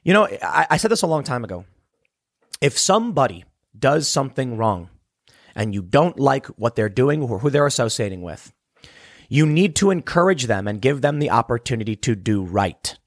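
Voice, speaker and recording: Fast, emphatic man in a dry room. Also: medium pitch, sing-song, no echo. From South Side of Chicago. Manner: rapid, emphatic, repeats words when heated. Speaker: political commentary host. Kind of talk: solo political commentary reading news.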